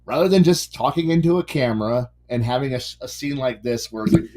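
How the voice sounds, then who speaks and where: Brief: casual male hobbyist, profane rant, restarts lines, very animated pitch. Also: brisk, hardly any pauses. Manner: ranting, profane, restarts sentences. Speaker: hobby miniature painter hosting a stream. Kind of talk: casual chat while painting.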